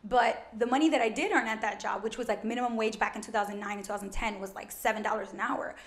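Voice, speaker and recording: Loud, quick-talking woman in a roomy space. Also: on the high side. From Brooklyn, New York. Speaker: guest, financial educator. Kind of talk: casual interview chat. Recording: roomy echo.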